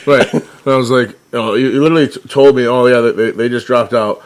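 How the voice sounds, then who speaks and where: A man's voice: medium pitch, fairly even intonation, brisk. A man co-hosting a casual podcast, telling a story with lots of swearing and laughter. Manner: profane, laughing, loose storytelling. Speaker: podcast co-host. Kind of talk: casual chat.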